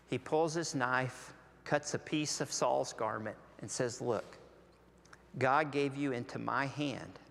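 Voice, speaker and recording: Slow-preaching Southern pastor in a church. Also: male voice, mid-range voice, creaky, fairly bright tone. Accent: Southern American. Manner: slow, deliberate preaching with long pauses. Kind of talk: sermon. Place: large church sanctuary. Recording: long hall reverb.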